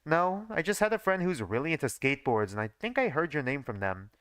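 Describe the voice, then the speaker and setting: A man's voice: on the high side, very animated, brisk, a bit bright, smooth, dry recording. Blunt, wary schoolgirl, voiced by a man, dry and skeptical. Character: wary, blunt young female student.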